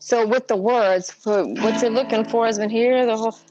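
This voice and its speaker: A woman's voice: on the high side, fairly even intonation, normal speed. Chatty woman teaching guitar over strumming. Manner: chatty, thinks aloud with fillers. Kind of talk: casual guitar lesson. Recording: slightly dull recording with guitar. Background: her own guitar playing.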